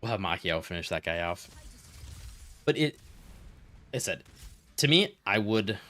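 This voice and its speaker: A man's voice: fairly low pitch, unhurried. Rambling man streaming a strategy game. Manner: rambling, animated storyteller, talks through game moves. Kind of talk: casual gaming stream chat.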